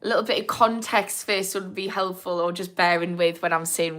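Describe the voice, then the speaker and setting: A woman's voice: lowish voice, steady tone, normal speed, fairly bright tone. Chatty British woman hosting a live stream. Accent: British English. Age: 30s. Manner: chatty, frank, answers viewers by name, trails off and restarts. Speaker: recovery coach hosting a live Q&A. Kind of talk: casual live-stream chat, reading comments.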